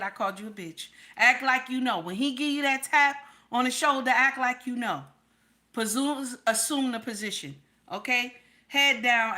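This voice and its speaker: A woman's voice: fairly high pitch, sharp tone. A woman hosting a live stream, giving blunt, preachy advice and repeating herself for emphasis while talking to her chat. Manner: talks to her chat and reads names. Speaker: livestream host advising women.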